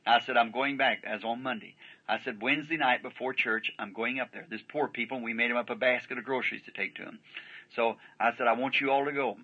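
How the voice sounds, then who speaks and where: A preacher tells his story in a bright, forceful voice with a husky grain, folksy and rambling, checking in with his listeners again and again. He comes through a dull, muffled archival tape. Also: medium pitch, fairly even intonation, fairly quick. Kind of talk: sermon storytelling.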